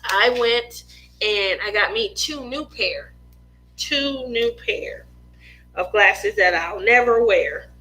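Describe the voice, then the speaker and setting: A woman, a mother of two, hosting a craft livestream and telling a family story in a lively, laughing way, often acting out other people's lines. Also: medium pitch, slow, poor audio. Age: adult mother of two.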